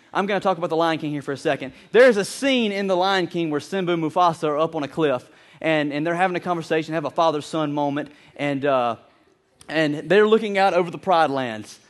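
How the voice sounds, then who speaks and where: A man preaching a sermon to his congregation, earnest and animated, often repeating words as he builds his point. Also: on the high side, fast. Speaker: pastor.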